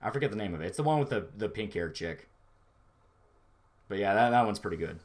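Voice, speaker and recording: A man with a somewhat low voice talks through a relaxed livestream. He rambles loosely from one thought to the next and swears freely as he answers his chat. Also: quick pace. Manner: rambling, profane, laid-back. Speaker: streamer reading chat.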